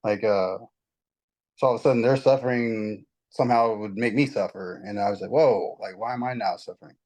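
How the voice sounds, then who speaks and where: A man in casual spiritual conversation, telling his story in a rambling, animated way with many restarts. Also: on the low side, a little fast, low-quality recording. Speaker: guest.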